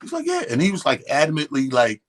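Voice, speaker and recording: Husky guy on a radio show, swearing a lot, doing the back-and-forth of an argument in his story. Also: on the high side, fast. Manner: animated, profane, acts out both sides of quotes. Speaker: radio co-host. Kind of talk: casual storytelling chat. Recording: radio studio.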